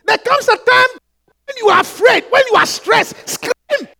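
Pastor, male, high bright voice, alternating hush and shouted prayer with tongues, long hall reverb. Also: animated, a little slow, gravelly. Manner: fervent, swings from hushed asides to shouted prayers; breaks into speaking in tongues. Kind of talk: sermon.

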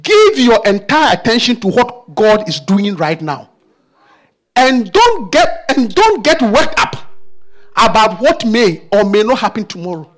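A man preaching a sermon with passion. He fires off repeated questions and builds up to shouting. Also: high voice, big pitch swings, a little slow.

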